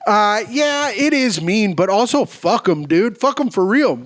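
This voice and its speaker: A man in his thirties hosting a solo podcast, riffing on listener stories in an animated, profane way with sudden sing-song jumps, his voice going a bit hoarse. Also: high voice, a little slow, no echo, studio quality. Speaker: podcast host.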